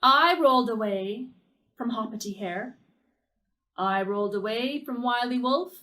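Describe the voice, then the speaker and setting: A woman's voice: a little high, a little slow, pushed and bright, far from the mic. A woman voicing a proud runaway pancake in a children's story, chanting its boast in a sing-song way. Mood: boastful.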